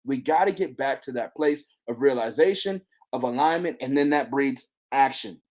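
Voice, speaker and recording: An excitable devotional leader teaching a faith challenge to camera, breaking into bursts of praise and repeating lines for emphasis. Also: medium pitch, moderate pace. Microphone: handheld camera.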